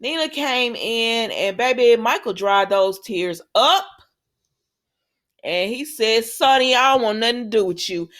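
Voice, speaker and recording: A woman's voice: on the high side, lively intonation, measured pace, fairly bright tone. A woman casually recapping a soap opera, retelling scenes in quoted dialogue with chatty asides. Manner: laughs and exclaims at the characters.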